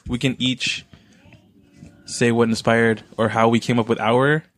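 A man's voice: mid-range voice, little pitch movement, unhurried, a bit bright. A man hosting a casual podcast, upbeat and joking, laughing often with his co-hosts. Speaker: podcast host.

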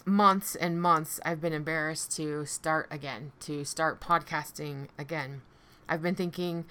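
Woman podcast host and coach, low-pitched, forceful tone, heartfelt reflective solo talk. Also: fairly even intonation, unhurried. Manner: earnest, heartfelt, repeats phrases for emphasis. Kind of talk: personal reflective podcast monologue.

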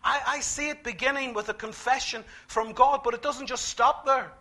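High, bright-voiced preacher man. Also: normal speed. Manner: emphatic, repeats key phrases, swings from quiet to loud. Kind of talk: sermon.

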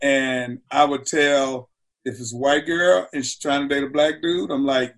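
A comedian guest on a talk show, telling stories in a lively way and acting out quotes, sometimes shouting. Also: male voice, mid-range voice, a little slow. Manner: acts out quotes with loud shouting asides. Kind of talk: animated storytelling on a talk show.

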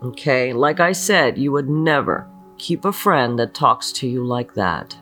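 An earnest spiritual teacher talks at an unhurried, deliberate pace, with a voice that swoops widely up and down. The talk leans on rhetorical questions and frequent check-ins with the listener. Faint guitar music plays softly underneath. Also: mid-range voice, animated. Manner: earnest, asks many rhetorical questions, often checks in with "okay". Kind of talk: slow motivational spiritual talk leading a mantra.

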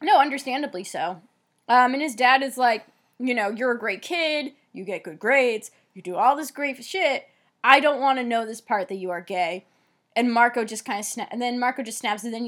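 A woman's voice: a little high, a bit bright. A young woman with a slightly raised voice chats casually as a co-host. She talks things through in a reflective way, padding her thoughts with plenty of "like". She sounds easygoing and conversational. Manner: chatty and reflective, heavy use of "like". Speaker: podcast co-host. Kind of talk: casual chat.

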